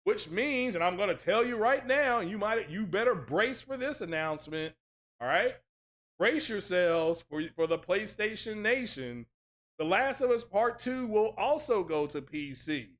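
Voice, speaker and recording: A man hosting a gaming livestream, ranting in an animated, mocking way and talking to his chat. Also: high voice, unhurried. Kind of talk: casual livestream rant.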